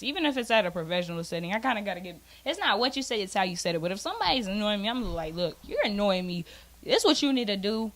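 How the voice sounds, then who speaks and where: A young woman with a Southern US accent talks candidly in a relaxed conversation. She laughs often and speaks in an even, mid-range voice. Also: medium pitch. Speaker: guest. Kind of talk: casual chat.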